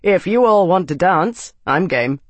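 A man's voice: high voice, sing-song, unhurried, creaky, husky, no room sound, exaggerated voice. A man reading an audiobook, voicing a bluff, cheerful young soldier eager for a fight.

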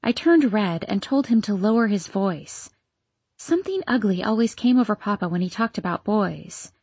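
A woman reading a novel aloud in steady scripted narration. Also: mid-range voice, moderate pace, slightly rough, no echo. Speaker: audiobook narrator.

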